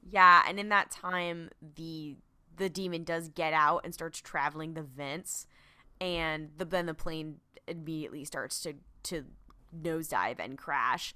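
A woman's voice: low voice, bright, forceful tone, clear, resonant tone. A woman co-hosting a podcast, chatting casually as she recaps a TV episode, swearing freely and acting out lines from the scenes. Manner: quick, swearing, acts out quoted lines. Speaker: podcast co-host.

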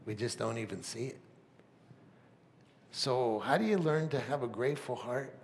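A man preaching a sermon as pastor, swinging from loud emphatic peaks to soft near-whispers, with rhetorical questions and stammered restarts. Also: mid-range voice, moderate pace, creaky. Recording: long reverb of a large hall.

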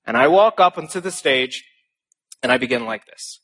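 A man's voice: a little high, expressive, a little fast, sharp tone. A young man giving a speech to an audience, telling stories with earnest emphasis and flashes of humor. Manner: emphatic rhetorical phrasing. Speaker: speaker.

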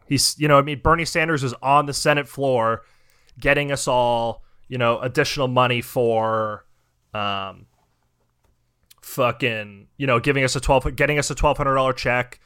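A man's voice: medium pitch, pushed and bright, clean tone. A young man hosting a podcast, ranting in heated, profane casual chat. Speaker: podcast host.

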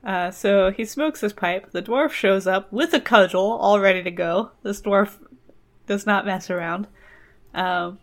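Woman host, casual comic storyteller, mid-pitched, digressive and playful. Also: a little slow. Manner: playful, digressive, laughs often. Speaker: podcast host telling a fairy tale.

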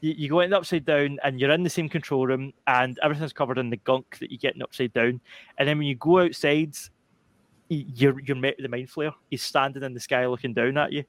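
A young man talking at a quick clip, piling one clause onto the next with fillers and restarts. He is a panelist on a gaming podcast, recorded on a close mic in a dry, dead room. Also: medium pitch, no room sound. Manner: rambling, animated storytelling with many fillers and restarts. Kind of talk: casual chat.

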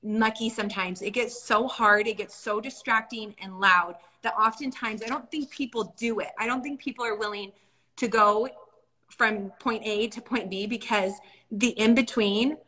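A woman's voice: a little high, normal speed, bright, forceful tone. A young adult woman co-hosting a casual faith discussion, earnest and storytelling. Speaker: podcast co-host.

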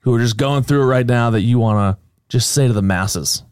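A man's voice: medium pitch, brisk, a little mellow, clear, resonant tone, no echo, studio quality. A man hosting a podcast call-in, bantering and joking in an upbeat, casual way. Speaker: podcast host.

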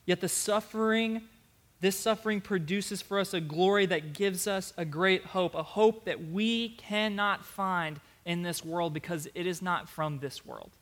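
A man's voice: high-pitched, a little slow, a bit bright. A man preaching a sermon as pastor, earnest and emphatic, repeating his key phrases.

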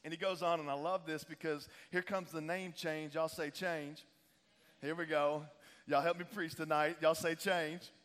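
A man preaching a lively sermon, casual and joking, calling on the crowd to answer back. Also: fairly high pitch, normal speed. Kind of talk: lively sermon with call-and-response. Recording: long reverb of a large hall.

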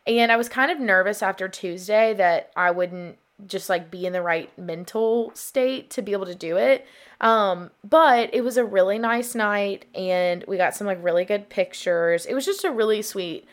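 A young woman in her twenties chats on her podcast in a loose, rambling way, filling her sentences with "like". She talks openly and emotionally, at a middle pitch for a woman. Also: normal speed. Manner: rambling, many "like" fillers, open and emotional. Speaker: podcast host. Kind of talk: casual confessional chat.

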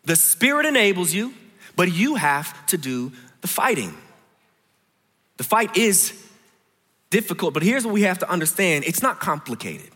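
A man preaching a sermon in a large church, his voice high and bright. He tells his story by dropping to a hush and then rising to emphatic points. A long reverb from the hall trails after his words. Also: very animated, moderate pace, long pauses, breathy edge. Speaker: pastor.

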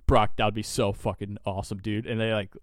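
Young guy podcast host, smooth clear voice, dry close mic, swears a lot and rambles through stories. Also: lowish voice, fast talker, dry recording. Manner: profane, rambling, animated storyteller. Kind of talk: casual chat, storytelling.

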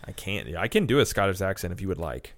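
A man co-hosting a casual chat, joking in a deadpan way. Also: deep voice, quick pace. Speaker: podcast co-host.

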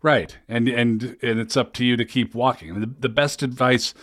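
A man conducting an interview, asking reflective questions in a measured, supportive way. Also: medium pitch, fairly even intonation, a bit bright, no room sound, clean studio sound. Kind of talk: conversational interview.

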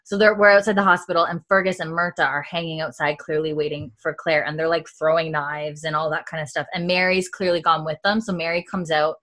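A woman's voice: fairly quick, few pauses. A woman hosting a casual chat, animatedly retelling TV scenes and quoting the characters. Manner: animated storyteller, quoting characters in a lowered voice, laughs often. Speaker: podcast host recapping a TV episode.

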